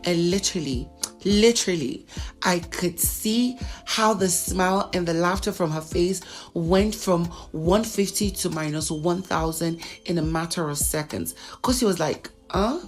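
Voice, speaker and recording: A woman with a fairly low voice dishes reality-show gossip in a chatty, dramatic way. She acts out the voices of the people she talks about. Soft music plays faintly behind her. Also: measured pace. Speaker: celebrity gossip vlogger. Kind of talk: casual reality-TV recap.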